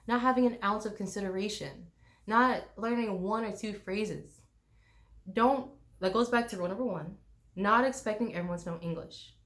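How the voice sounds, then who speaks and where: A young woman from the United States, a travel vlogger, ranting bluntly and swearing freely, mocking people with put-on voices. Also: a little high. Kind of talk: casual ranting vlog.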